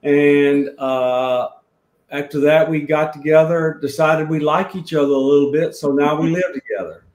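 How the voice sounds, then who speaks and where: A man with a South Alabama Southern accent, telling a story as a guest in an unhurried, rambling way. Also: a little high, level tone, a little mellow. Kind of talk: storytelling in a podcast chat. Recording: roomy echo.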